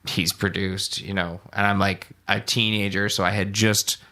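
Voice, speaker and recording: This podcast co-host is a young man whose low, somewhat bright voice barely moves in pitch and sounds pushed, moving at a normal speed. Chatting casually, he tells meandering stories, often restarting and leaning on fillers.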